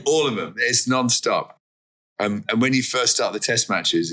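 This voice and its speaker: A jokey English man with a very low voice that still has a bright, forceful edge. He talks as a guest in a relaxed chat and pokes fun at himself. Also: unhurried. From England. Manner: jokey, self-deprecating. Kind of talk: casual chat.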